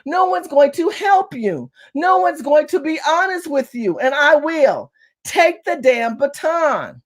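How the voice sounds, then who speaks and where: A high-pitched woman from California delivers a fiery political monologue as a community activist. She talks quickly and forcefully, hammering her points home by saying them again and again. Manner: fast-talking, forceful, repeats phrases for emphasis.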